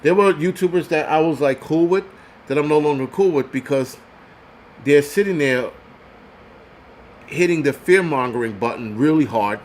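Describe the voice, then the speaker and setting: A man's voice: on the high side, normal speed, pauses often, darkish tone, slight background noise. A man hosting a livestream, ranting in an angry, profane, heated way and stumbling over repeated words when worked up. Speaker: host of a prepping channel. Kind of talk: livestream rant.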